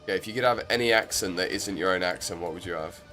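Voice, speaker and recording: A man's voice: low voice, quick pace, pushed and bright, soft background music. A man streaming a game, chatting casually and rambling with lots of filler words. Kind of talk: casual gameplay commentary.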